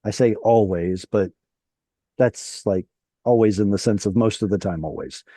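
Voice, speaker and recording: A man's voice: fairly low pitch, moderate pace, dark tone, no echo. A man teaching a Hebrew reading class over a video call, patiently explaining step by step.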